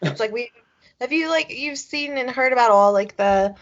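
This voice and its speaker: A woman's voice: a little high, lively intonation, moderate pace. A young woman co-hosting a podcast in casual chat, rambling with constant fillers and casual swearing. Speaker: podcast co-host. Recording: dull lo-fi podcast audio.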